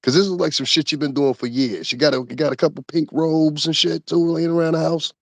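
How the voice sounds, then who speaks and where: A man's voice: a little high, fairly even intonation, brisk, creaky, no room sound. A man giving a heated, profane, casual commentary rant with laughing asides. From Connecticut, USA. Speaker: commentary host.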